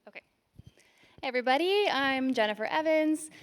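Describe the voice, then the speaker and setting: A woman's voice: sits high, expressive. Nervous woman giving a lightning talk. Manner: nervous, self-deprecating, quick storytelling. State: shaky voice from nerves. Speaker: conference speaker. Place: conference stage.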